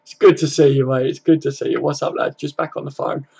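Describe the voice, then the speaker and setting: A man's voice: mid-range voice, steady tone, fast talker, creaky, darkish tone, breathy edge. A man hosting a casual live stream, chatting laid-back with viewers, greeting them by name and swearing freely.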